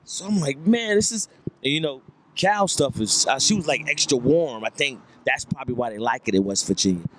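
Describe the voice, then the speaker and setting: A man's voice: mid-range voice, expressive, fairly quick, a bit bright, a little hiss or hum. A man doing stand-up, telling a rambling story with repeated lines and voiced quotes. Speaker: stand-up comedian. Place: comedy club stage.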